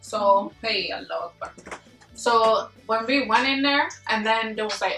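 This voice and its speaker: A woman's voice: a little high, a little slow. Young woman telling a story in a roomy echo. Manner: animated, slangy, laughing, acts out quotes. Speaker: vlogger. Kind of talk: casual storytelling to camera. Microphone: camera mic from a distance. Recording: echoey room, distant mic, faint music.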